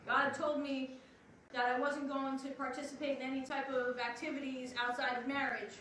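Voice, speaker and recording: A woman from Long Island, New York giving an earnest, emphatic spoken testimony to a congregation, with drawn-out pauses. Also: sits high, level tone, a bit bright. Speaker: program assistant director giving testimony. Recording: very echoey hall, distant, noisy.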